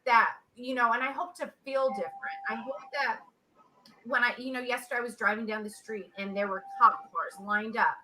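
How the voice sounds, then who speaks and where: A woman's voice: on the high side, steady tone, normal speed, pushed and bright, a little hiss or hum, poor audio. A woman in her forties, an interview guest speaking earnestly on a video call and repeating words for emphasis. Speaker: interview guest, social entrepreneur. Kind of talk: emotional interview talk.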